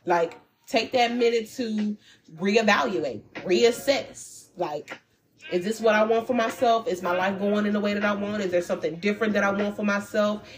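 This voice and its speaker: A woman's voice: mid-range voice, moderate pace, low-quality recording. A woman talking loosely and conversationally as a tarot reader, full of slang and self-interruptions. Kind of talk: casual spiritual reading for viewers.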